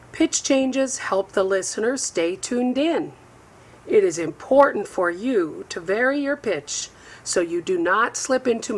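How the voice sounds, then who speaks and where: A woman narrating a slide lesson as an instructor, reading a script in a measured, deliberate way. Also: medium pitch. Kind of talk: scripted voice-over lecture.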